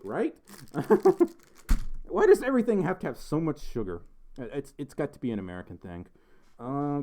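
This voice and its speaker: A young man chatting casually on a livestream as he reads out viewer messages. His voice sits mid-range but bounces around a lot, swinging up high when he laughs. He rambles, restarts and giggles between thoughts. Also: warm tone. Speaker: livestream host.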